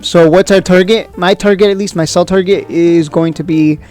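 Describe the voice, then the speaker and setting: A man hosting a stock trading video, talking casually and excitably, whooping and throwing out rhetorical questions. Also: high-pitched, moderate pace, soft background music. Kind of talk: casual market commentary.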